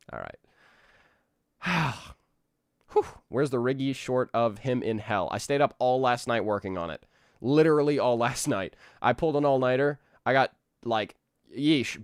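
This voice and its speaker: A man's voice: medium pitch, clean tone, no echo, studio quality. A man in his twenties chatting casually with viewers on a live stream, rambling and restarting his sentences. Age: 20s. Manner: rambling, restarts, laughs easily. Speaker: animator streamer.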